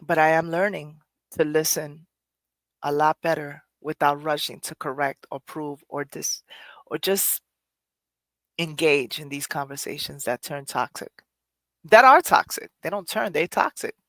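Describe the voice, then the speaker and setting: A middle-aged woman hosts her own podcast in a candid, reflective way, earnest and quick to laugh at herself. Her voice sits on the low side. The recording is dry and close, with no room sound. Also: steady tone, no echo. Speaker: podcast host. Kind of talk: reflective personal talk.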